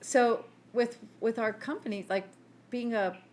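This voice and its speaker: A woman's voice: on the high side, fairly even intonation, a little slow, darkish tone. Chatty woman podcast co-host. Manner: chatty storyteller, laughs at her own stories. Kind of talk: casual chat.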